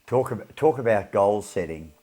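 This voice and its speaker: A man's voice: on the low side, lively intonation, moderate pace, warm tone, soft background music. A middle-aged Australian man giving a casual motivational talk, enthusiastic and repetitive, rambling as he tells stories. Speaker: motivational speaker.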